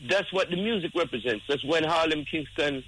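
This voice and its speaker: A man in his seventies, a guest musician speaking slowly and thoughtfully in a radio interview. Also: fairly high pitch, fairly bright tone, a little hiss or hum, low-quality recording. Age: 70s.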